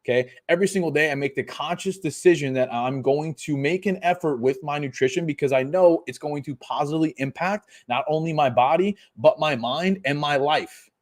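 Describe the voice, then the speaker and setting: A man's voice: on the high side, brisk, few pauses. A man in his twenties, a fitness coach, ranting emphatically and profanely on a live podcast. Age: 20s.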